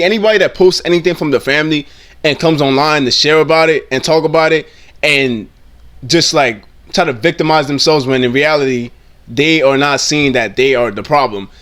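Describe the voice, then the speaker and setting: Guy ranting blunt and annoyed about a clip, curses a lot, stumbles and restarts his sentences, voice sits a bit high. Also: normal speed, fairly bright tone. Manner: blunt, indignant, swears freely; repeats and restarts phrases often. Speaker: commentator reacting to clips. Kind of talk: casual reaction commentary.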